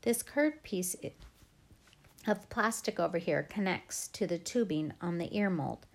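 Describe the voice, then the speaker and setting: A woman's voice: on the low side, animated, a little slow, gravelly, heavily acted. A friendly male ear doctor who keeps things light and reassuring, as a woman reader plays him. He explains patiently and cracks small jokes. The reading stays close to a plain storybook voice. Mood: explaining. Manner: upbeat, reassuring.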